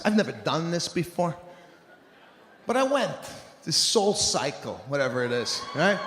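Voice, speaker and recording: Animated, exasperated stand-up comedian. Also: male voice, fairly high pitch, normal speed. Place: comedy stage before a live audience. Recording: echoey hall with live crowd and noise. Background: audience laughter.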